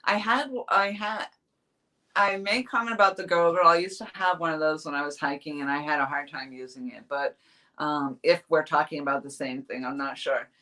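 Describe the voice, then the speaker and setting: A fishing vlogger from New Hampshire hosts a casual live stream, reading viewers' chat while rambling, restarting sentences and laughing often. Her voice is deep yet bright and forceful, at normal speed.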